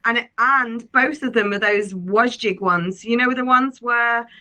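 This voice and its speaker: Bright, jokey woman. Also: fairly high pitch. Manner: jokey, playful, quick asides. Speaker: podcast co-host. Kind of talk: casual chat.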